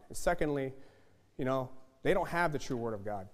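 A man preaching a fiery sermon, emphatic and repetitive, building to loud outbursts. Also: mid-range voice, expressive, brisk, big-room sound. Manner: emphatic, repetitive, rising to shouts.

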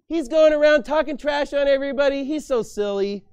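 A man's voice: very high voice, a little fast, a little mellow, pitched above the performer's own voice. A man voicing a doting adult who gushes over a pet in a mocking sing-song. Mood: cooing.

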